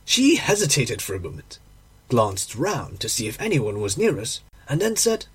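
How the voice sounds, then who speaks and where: Lively husky male storyteller. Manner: measured storytelling, slowing on key phrases, dropping low on dialogue tags. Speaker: narrator. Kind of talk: audiobook reading of a classic short story.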